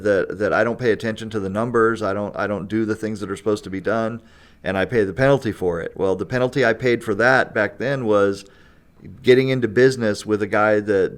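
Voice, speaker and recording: A man telling a long story in a casual podcast chat. He laughs often and keeps checking in with "right?" and "you know". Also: lowish voice. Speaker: guest storyteller.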